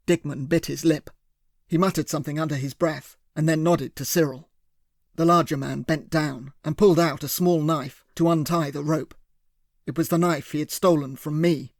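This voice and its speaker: A man narrating a first-person thriller audiobook with steady, clear storytelling. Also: a little high, normal speed, no room sound, studio quality.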